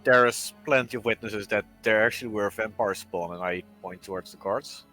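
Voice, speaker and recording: A man's voice: on the low side, normal speed, sharp tone, soft background music. A man playing in a tabletop game, reasoning things out in a matter-of-fact way.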